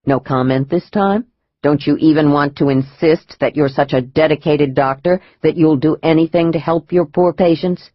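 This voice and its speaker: A male audiobook narrator voicing a tough FBI agent who interrogates in a low, quiet, threatening tone. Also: moderate pace, dry recording, highs cut off. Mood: menacing. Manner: low, soft, menacing interrogation.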